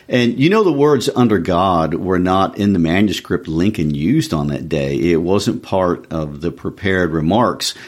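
A man giving a reflective, explanatory talk on history, with frequent fillers as he thinks aloud. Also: low-pitched. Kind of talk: explanatory discussion.

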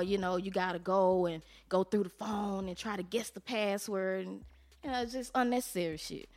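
A woman as an interview guest, telling her own story candidly in blunt, colloquial talk with some cursing. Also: fairly low pitch. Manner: blunt, colloquial, salty language.

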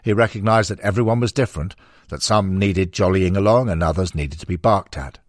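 A man reading a former footballer's quoted recollection of his old manager in a measured audiobook style. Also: deep voice, no room sound, studio quality. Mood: recalling.

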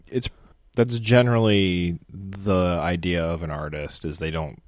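A man's voice: low-pitched, fairly even intonation, unhurried, no echo, studio quality. A man who is a guest on a podcast, chatting casually with laid-back, teasing banter and frequent chuckles. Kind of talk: casual chat.

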